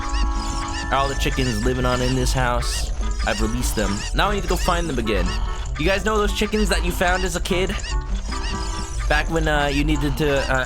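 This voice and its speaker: Young male streamer, goofy and chatty, very lively pitch, game music behind. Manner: goofy, chatty, breaks into voices. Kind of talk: casual let's-play commentary.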